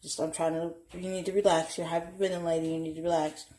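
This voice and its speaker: Young woman, blunt and profane, candid vlog story, lowish voice, echoey room. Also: little pitch movement, fast talker, warm tone. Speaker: vlogger. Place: home, indoors.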